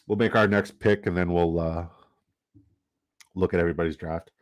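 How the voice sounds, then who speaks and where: A man's voice: low voice, steady tone, normal speed. A man from Canada, giving loose, jokey commentary and swearing casually while running down a fantasy football draft.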